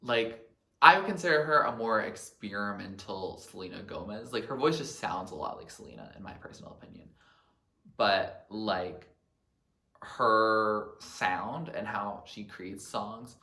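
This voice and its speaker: Chatty man with a bright echoey voice. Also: on the low side, lively intonation, measured pace, creaky. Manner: chatty, lots of fillers. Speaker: music vlogger. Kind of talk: casual album countdown.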